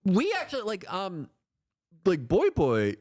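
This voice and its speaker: A man's voice: sits high, wildly swooping pitch, a little slow, a little mellow, no echo, studio quality. A man co-hosting a stream, chatting casually and sarcastically with rambling restarts. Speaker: stream co-host. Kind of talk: casual comedic chat.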